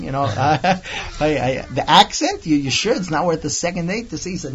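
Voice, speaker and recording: A man teaching a casual Torah class to a small group, quickly reading out Hebrew text and then explaining it with stories. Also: a little high, expressive, a bit bright, highs cut off. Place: room with a small group of listeners.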